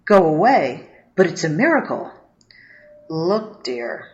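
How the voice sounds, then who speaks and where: Earnest starry-eyed boyfriend type, lady voicing him, lively, muffled lo-fi. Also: lowish voice, slow pace. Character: earnest, easily awed young boyfriend. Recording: dull lo-fi audio.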